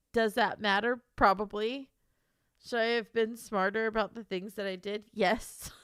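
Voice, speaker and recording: Teary excitable woman streamer. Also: a little high, gravelly, clear, resonant tone, dry recording, studio quality. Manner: emotional, excitable, laughing, rambling. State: teary, crying on and off. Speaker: streamer and author. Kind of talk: casual live-stream chat.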